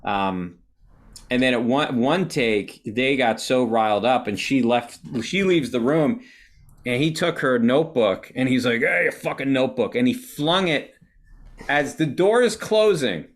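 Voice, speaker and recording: A man's voice: medium pitch, unhurried. Male host, director type, swaps into characters mid-anecdote, loose and profane. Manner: animated, acts out quotes, swears casually. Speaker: podcast host and film director. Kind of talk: casual anecdotal storytelling.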